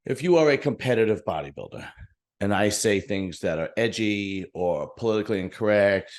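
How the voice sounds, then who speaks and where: Male host, low voice, candid rambling solo monologue to viewers, thinks aloud and restarts. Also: animated, a little fast. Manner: candid, rambling, self-reflective with frequent restarts. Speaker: bodybuilding show host. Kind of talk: casual solo talk to viewers.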